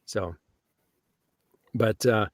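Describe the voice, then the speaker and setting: A man's voice: lowish voice, extremely slow, no room sound, clean studio sound. A man with a Canadian accent, an audiobook narrator and co-host, talking in a chatty, good-humoured way and laughing easily. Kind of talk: casual chat.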